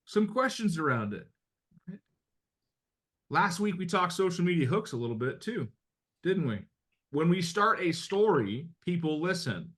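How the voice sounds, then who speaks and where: A man's voice: high-pitched, sing-song, measured pace, pauses often, fairly bright tone. A middle-aged man from the United States coaching real estate agents in a blunt, conversational way, with some mild swearing. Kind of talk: motivational talk to agents.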